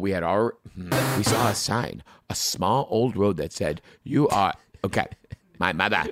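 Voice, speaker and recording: A man's voice: deep voice, a little slow, background noise. A man co-hosting a podcast, chatting casually and crudely, often laughing and breaking into silly bits. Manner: jokey, crude, bursts into laughs and silly singing. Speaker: podcast co-host. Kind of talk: casual comedic chat.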